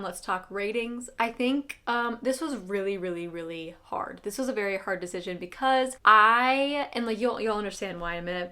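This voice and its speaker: A woman's voice: fairly high pitch, fairly bright tone. A woman book vlogger in casual chat, rambling and emotional, leaning heavily on filler words. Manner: rambling, emotional, heavy use of "like".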